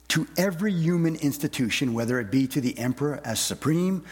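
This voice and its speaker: A male pastor preaching a sermon, often repeating words and pausing with fillers as he speaks. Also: fairly high pitch, expressive, in a large hall. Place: church sanctuary.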